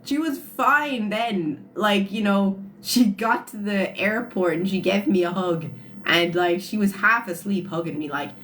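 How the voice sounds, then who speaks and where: A young woman chats to her livestream viewers in a loose, animated way and breaks into laughter often. Her pitch sits in the middle range for a woman. She speaks into a phone mic, with faint noise behind her. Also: a little slow. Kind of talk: casual storytelling to live chat.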